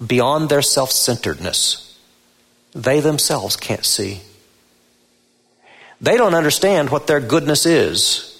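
Male pastor, unhurried sermon delivery, mid-pitched, big reverberant hall. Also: vocal fry, a bit bright. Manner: deliberate, emphatic preaching with rising stresses on key words. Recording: long reverb of a large hall.

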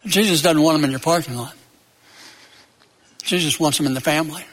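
High-voiced preacher in an echoey hall. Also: male voice, fairly quick. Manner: emphatic, builds to loud peaks then drops low; tells jokes and stories. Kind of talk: sermon.

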